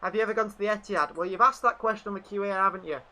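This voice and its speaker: A fan channel host runs a live commentary stream, calling the match and chattily reading viewer chat between plays. His voice sits high, races along, and sounds sharp.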